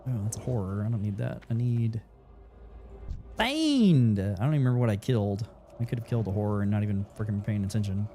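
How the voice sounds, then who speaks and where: A man's voice: fairly low pitch, animated, fast, warm tone. A man chatting casually while streaming a game, rambling and swearing freely, his throat dry. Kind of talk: casual gameplay commentary. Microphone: studio desk mic.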